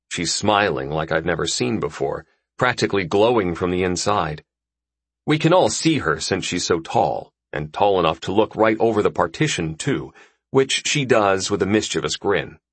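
Low, husky man for first-person audiobook narration, lively inflection, dry booth sound. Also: dry recording.

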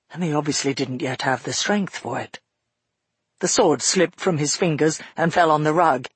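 A man voicing a father who tells his daughter a frightening past event in a measured, earnest first-person telling. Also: fairly high pitch, fairly bright tone, slightly rough, no room sound. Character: grown father recounting a frightening past, shaken. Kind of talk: audiobook narration.

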